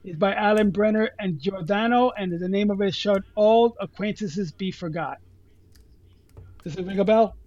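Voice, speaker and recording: High-voiced rambling man on a podcast. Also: normal speed, darkish tone, no room sound, muffled recording. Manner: rambling, with many "you know" fillers. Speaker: podcast co-host. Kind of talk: casual chat, retelling a comic story.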